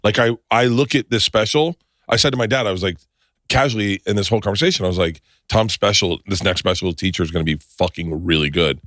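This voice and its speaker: A man's voice: on the low side, fast, a bit bright, no room sound. A man in his forties co-hosting a podcast in casual chat, rambling with many restarts and swearing, recorded on a close studio mic. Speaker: podcast co-host.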